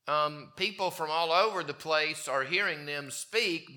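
A male preacher delivering a sermon, reading verses and then explaining them in plain talk. His voice is very bright and forceful, pitched a little high. He speaks slowly and deliberately. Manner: reads scripture aloud and explains it conversationally. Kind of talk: sermon, Bible exposition.

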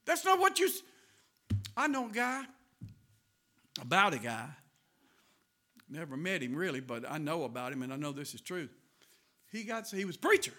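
High bright-voiced preacher, quiet to shouting. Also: male voice, sing-song, moderate pace, pauses often. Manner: swings from quiet asides to loud shouting, laughs often. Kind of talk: sermon.

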